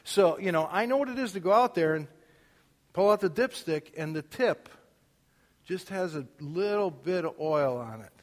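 Animated middle-aged man preaching in a reverberant hall. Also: high voice, normal speed. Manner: animated, acts out quotes loudly, self-mocking humor. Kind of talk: storytelling sermon. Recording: long reverb of a large hall.

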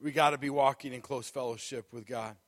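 Guest preacher, male, lively storyteller with a comic streak, dry close sound. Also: medium pitch, fairly quick, no echo. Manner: animated storyteller, laughs often, acts out moments. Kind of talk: sermon with a comic personal story.

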